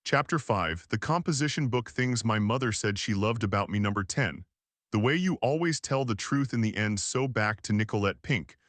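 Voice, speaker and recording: A man narrating an audiobook in the first person, calm and measured. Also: fairly low pitch, no echo.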